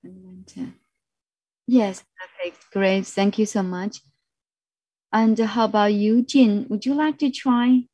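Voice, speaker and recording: 慢速女老师，中文口音英语，干声. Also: female voice, medium pitch, fairly even intonation, warm tone, dry recording. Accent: Mandarin Chinese. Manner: slow, repeats words, mixes in Mandarin explanations. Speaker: English teacher. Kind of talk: online class teaching. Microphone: video call.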